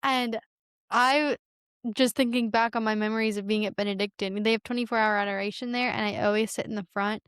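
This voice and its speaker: Smooth-voiced woman hosting a chat. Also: on the high side, fairly even intonation, brisk, a bit bright, dry recording, studio quality. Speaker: podcast host. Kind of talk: casual chat.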